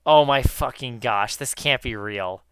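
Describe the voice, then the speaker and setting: A man in casual chat with viewers while gaming, excitable, swearing often and calling his viewers guys. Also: mid-range voice, measured pace, clear, resonant tone, no room sound, studio quality. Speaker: gaming YouTuber.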